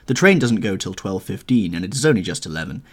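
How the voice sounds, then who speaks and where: A man's voice: sits low, big pitch swings, fast, full character voice. A man voicing a grave, earnest male painter in an audiobook, pleading with mounting urgency. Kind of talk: audiobook character reading.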